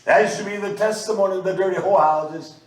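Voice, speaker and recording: A man with a high voice preaches a sermon, dropping to quiet asides and then rising to loud, drawn-out scripture reading. He is recorded from a distance in an echoey room.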